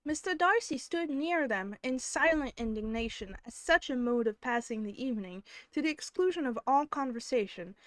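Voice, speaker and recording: A woman's voice: fairly high pitch, dry recording. Woman reading a novel aloud on stream. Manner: steady narration with casual asides. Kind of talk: live-stream book reading.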